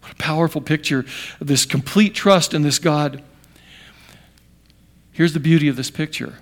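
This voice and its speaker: Man preaching a sermon, rising and hushing. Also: on the high side, moderate pace. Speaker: pastor.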